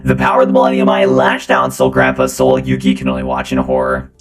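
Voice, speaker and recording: A man's voice: a bass voice, big pitch swings, fast talker, reverberant. A man narrating a game's story casually, stumbling a little over his words. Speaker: let's play narrator.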